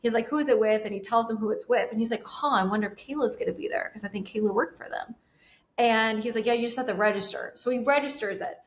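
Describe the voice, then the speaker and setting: Brief: woman in her twenties, quick and a bit high, lively guest storyteller. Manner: animated, acts out quotes, laughs often. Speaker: guest, sales trainer. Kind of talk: casual storytelling.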